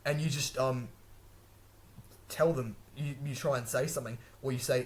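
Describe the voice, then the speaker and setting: A man's voice: medium pitch, steady tone, a little fast, slight background noise. A young man hosting a language-learning video, talking casually to camera, chatty, laughing often and correcting himself as he goes.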